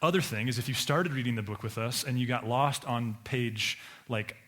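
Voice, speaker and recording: Male pastor, middle-pitched, relaxed conversational sermon delivery with restarts. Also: normal speed. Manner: conversational preaching with frequent repeated words and restarts; acts out quoted voices with sudden pitch jumps.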